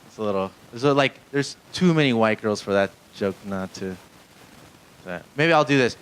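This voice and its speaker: On a small club stage, this comedian of Mexican-American background runs a loose live set, mocking himself, cursing a lot and talking with the audience. He has a lowish, smooth voice with lively intonation and normal speed, though the audio is poor.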